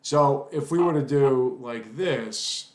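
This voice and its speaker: A man's voice: mid-range voice, slow, roomy sound. A man teaching a casual coding lesson while typing, rambling, apologizing, and cursing at his own mistakes. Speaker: coding tutorial instructor.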